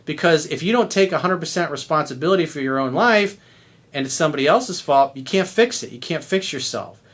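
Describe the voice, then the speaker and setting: A man with a somewhat high-pitched voice delivers a blunt, profane lecture as a dating coach. He talks straight to his audience in a hectoring, no-nonsense way. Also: lively intonation, a little fast, a bit bright. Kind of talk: ranting monologue to camera.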